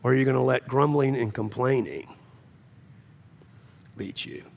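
A man preaching a sermon, swinging between loud, high climaxes and low, quiet drops, repeating phrases for emphasis. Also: measured pace, gravelly, a little hiss or hum. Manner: preaching with sudden rises and drops in pitch and loudness, repeating phrases. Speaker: pastor.

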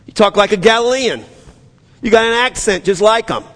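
A man with a New Orleans accent preaching a sermon as pastor, animated and acting out the scripture dialogue with stammered restarts. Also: sits high, moderate pace. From New Orleans area. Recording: long hall reverb.

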